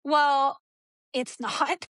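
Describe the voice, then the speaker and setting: A woman's voice: high voice, fairly even intonation, very slow, fairly bright tone, dry recording. A woman from Texas, a guest in an interview, giving an emotional personal account and acting out the dialogue as she tells it. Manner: storytelling, acts out quoted dialogue.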